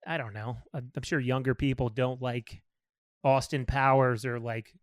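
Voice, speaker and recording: Brief: congested podcast host, mid-pitched male voice, dry close sound, relaxed and agreeable. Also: normal speed, no room sound. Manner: easygoing, agreeable, filler-heavy. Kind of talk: casual podcast interview.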